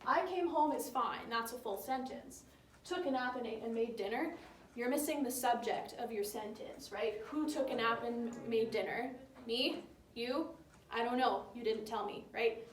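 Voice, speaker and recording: A woman's voice: fairly high pitch, echoey room, far from the mic, slight background noise. A young woman teaching grammar in a casual, chatty way, often checking in with her listeners. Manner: chatty, keeps checking in with "right?".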